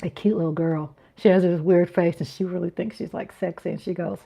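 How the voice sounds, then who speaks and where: A woman's voice: fairly low pitch, steady tone, fairly quick, gravelly, warm tone, breathy edge. A woman in her fifties hosting a casual livestream, reading chat comments aloud with playful giggles and little sung riffs. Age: 50s. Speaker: livestream host.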